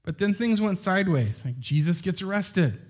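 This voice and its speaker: A man's voice: sits high, lively intonation, moderate pace, darkish tone, slightly rough. A middle-aged man preaching a sermon in a loose, conversational way, full of asides and rhetorical questions.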